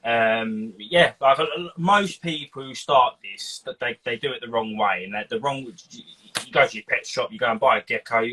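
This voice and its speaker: Husky, bright-voiced male live-stream host. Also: mid-range voice, moderate pace, hardly any pauses, low-quality recording. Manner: chatty, animated storyteller acting out quotes. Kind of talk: casual live-stream chat.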